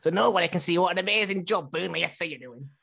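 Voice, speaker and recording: A man's voice: high voice, fast, creaky, slightly rough, pitched above the performer's own voice, heavily acted. Man doing a brash football boss. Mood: boastful. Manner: loud, crude, laughing through lines.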